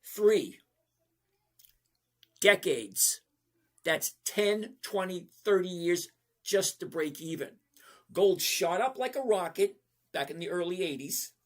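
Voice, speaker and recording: A man's voice: high voice, measured pace. A man in his sixties hosting a live trading stream, chatting casually and answering viewers by name. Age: 60s. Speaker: stock trading livestream host.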